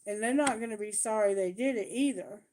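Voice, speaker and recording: A woman doing a live tarot reading, talking bluntly and emphatically, swearing freely and asking Spirit questions out loud. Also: medium pitch, fairly quick. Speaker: tarot reader.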